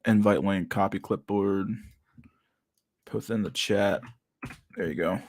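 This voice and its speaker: A man's voice: low voice, steady tone, takes it slowly, a little mellow, no room sound, clean studio sound. A young man from Canada, rambling and swearing casually as the host of a livestream chat. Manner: rambling, profane, laughs at memes.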